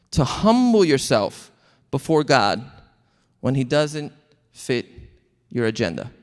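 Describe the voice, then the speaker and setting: A man with a high, lifted voice preaches a sermon as a pastor. He tells stories and acts out the lines he quotes with lively energy, and his words ring out in a long hall reverb. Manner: animated storytelling, acting out quotes. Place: large church hall.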